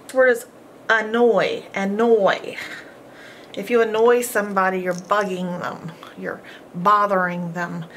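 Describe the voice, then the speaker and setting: A woman's voice: medium pitch, level tone, a little slow, fairly bright tone, a little hiss or hum. A woman teaching a homeschool phonics lesson, patiently sounding out each letter and syllable.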